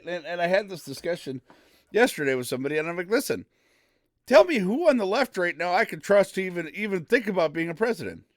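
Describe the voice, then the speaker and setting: A middle-aged man hosting a live morning show, loud, excitable and folksy. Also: sits high, dry recording, clean studio sound. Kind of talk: casual live stream talk.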